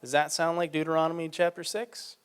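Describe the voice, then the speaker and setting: This is a sermon from a man whose voice sits a little high, with a clean tone and flat delivery. He reads scripture aloud, talks through its meaning conversationally, and leans on slower, louder phrasing to drive points home.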